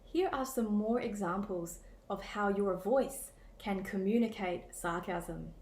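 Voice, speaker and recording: A woman teaching an English lesson, speaking in a clear, deliberate way and demonstrating different tones of voice. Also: medium pitch, a little mellow, slight background noise. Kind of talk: scripted lesson narration.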